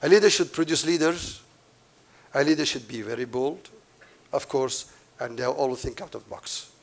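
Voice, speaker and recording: A man's voice: medium pitch, normal speed. A man giving a conference keynote to a live audience, emphatic and repeating his key points, with asides to the crowd. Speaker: keynote speaker.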